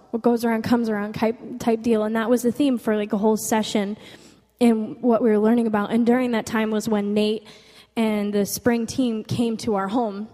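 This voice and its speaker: A young woman with a fairly high voice gives a heartfelt personal testimony. She talks earnestly and emotionally, leaning on "like" as she goes. Her voice rings out with a long hall reverb. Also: mellow. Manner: earnest and emotional, with frequent "like" fillers. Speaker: speaker giving a testimony.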